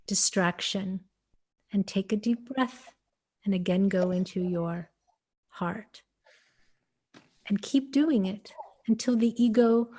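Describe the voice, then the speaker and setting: An American-born woman giving calm, measured spiritual guidance on a webinar call, speaking as "we". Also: mid-range voice. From United States. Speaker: spiritual channeler.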